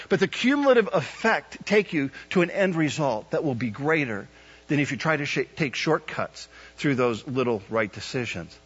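A male pastor in his fifties delivers a sermon, his husky voice climbing into loud, emphatic peaks as he questions his listeners. The recording is dull and muffled, with the top end rolled off. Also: fairly high pitch. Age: 50s. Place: church service. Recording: dull lo-fi sound.

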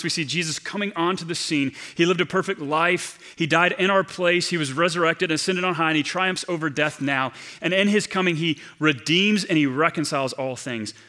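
Male pastor mid-sermon; fairly high, bright, forceful delivery, earnest, slowing on key points. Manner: earnest, slows down to stress key phrases.

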